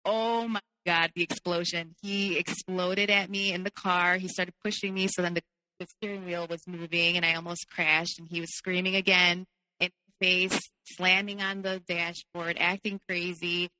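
A woman with a low-set but bright, forceful voice tells her own story openly, leaning on "like" as she goes. Her voice rings on in a long hall reverb. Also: little pitch movement, normal speed. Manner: candid, heavy use of "like". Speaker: podcast guest. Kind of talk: personal storytelling.

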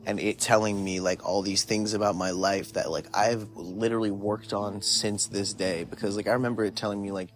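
A man's voice: lowish voice, flat delivery, fairly quick, few pauses, soft background music. A young man casually telling a candid personal story, rambling and full of "like" fillers. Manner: rambling, heavy use of "like"; candid, confessional. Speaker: podcast host.

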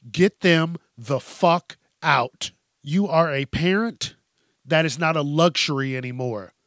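A young man hosts a podcast and rants about his restaurant days, cursing in nearly every line. His voice sits a bit high for a man, and the recording is close and dry with no room sound. He sounds exasperated and blunt throughout. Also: fairly bright tone, no echo. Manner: profane, exasperated ranting. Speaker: podcast host. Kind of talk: ranting comedic monologue.

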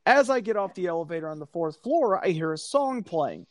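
A man, casually telling a long story on a podcast, animated and profane, acting out the people he quotes. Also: sits high, a little fast, no room sound.

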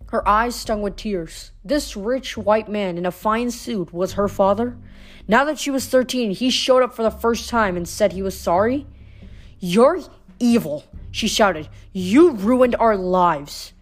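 A woman's voice: mid-range voice, normal speed. A woman reading a novel aloud, telling the story steadily with small slips and corrections. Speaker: audiobook reader.

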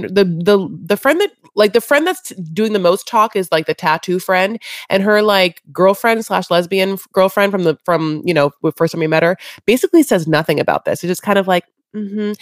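A woman's voice: medium pitch, dry recording, studio quality. A woman co-hosting a podcast, recapping a reality show in an offhand, rambling, dismissive way. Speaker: podcast co-host. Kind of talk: casual recap chat.

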